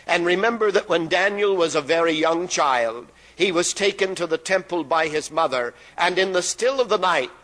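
A man's voice: high voice, lively intonation, fairly bright tone, rough recording. A man preaching a sermon in an emphatic way, drawing out phrases and letting them fall at the ends. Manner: emphatic, drawn-out phrases with falling endings.

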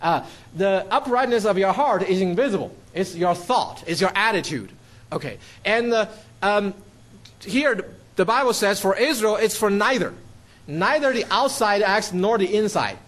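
A man preaching through a Bible passage in a plain teaching manner. His voice sits a little high for a man, and he works through the text with frequent fillers, restarts and a checking "okay". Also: animated, normal speed, fairly bright tone. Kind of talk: Bible study sermon.

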